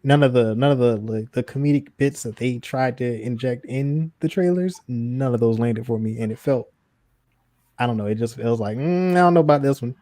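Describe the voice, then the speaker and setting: A man's voice: medium pitch, steady tone, normal speed, dark tone, no echo. A man co-hosting a podcast in casual chat, laid-back, laughing easily and trailing off. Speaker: podcast co-host.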